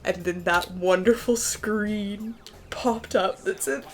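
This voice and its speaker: A young woman chatting excitedly at home as she unboxes collectible figures, with lots of "like" in her talk. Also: mid-range voice, slow pace, faint music behind. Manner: excitable and chatty, heavy use of "like". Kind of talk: casual unboxing chat. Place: home room with a PC.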